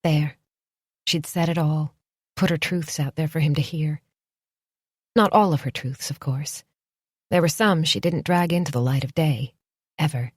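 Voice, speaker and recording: A woman narrating a romance audiobook in a soft, intimate, measured reading. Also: low-pitched, breathy edge, no room sound, clean studio sound.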